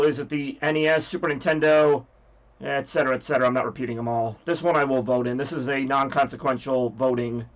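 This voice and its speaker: A man's voice: medium pitch, a bit bright, muffled recording. A man with a scratchy voice hosting a livestream, rambling casually and joking with chat. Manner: rambly, jokey, reads chat aloud. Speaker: livestream host.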